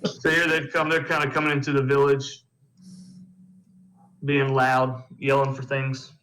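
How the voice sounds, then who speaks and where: A man narrating as game master of a tabletop game, describing scenes in a relaxed, loose way with plenty of fillers. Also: mid-range voice, a little slow, poor audio.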